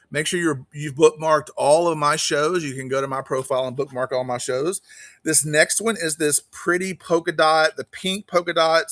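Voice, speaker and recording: A man hosting a live online auction stream, chatting casually and quickly calling bids while greeting viewers by name. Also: a little high, pushed and bright, no room sound, studio quality.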